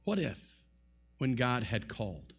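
A man preaching a sermon in an animated style, his voice rising and falling sharply. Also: medium pitch, measured pace, breathy edge, muffled recording. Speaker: pastor.

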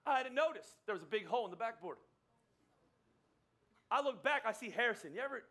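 A man's voice: very high-pitched, animated, fairly quick, bright, forceful tone. A middle-aged man preaching a sermon, telling a family story in a conversational way and acting out the quoted lines. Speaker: pastor.

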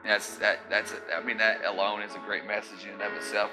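A man preaching a sermon in a conversational, animated way, mixing scripture with casual asides. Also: on the low side, a little fast, music in the background, low-quality recording.

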